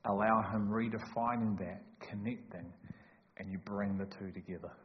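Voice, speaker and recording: A male preacher delivers a sermon, emphatic and full of joking asides, swinging from loud to hushed. His voice rings through a church hall with a long echo. The sound is dull and lo-fi with faint noise behind it. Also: on the low side, steady tone, moderate pace.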